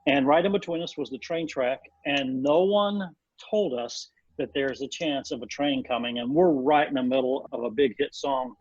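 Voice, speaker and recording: Husky-voiced man telling road stories. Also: mid-range voice, moderate pace, no room sound, dull audio. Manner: animated anecdote teller who laughs often. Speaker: guest, former band drummer. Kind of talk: casual storytelling in a podcast interview.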